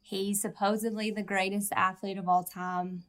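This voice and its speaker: Woman, podcast guest, chatty, playful, mid-pitched voice. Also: little pitch movement, fairly bright tone. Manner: chatty, playful, quick agreeing asides. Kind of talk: casual chat.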